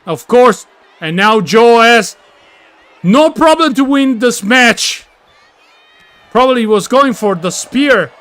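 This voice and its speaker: A man calling a video game wrestling match with excitable, yelling play-by-play and slips in English grammar. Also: very high-pitched, takes it slowly, pauses often. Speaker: commentator and wrestler persona.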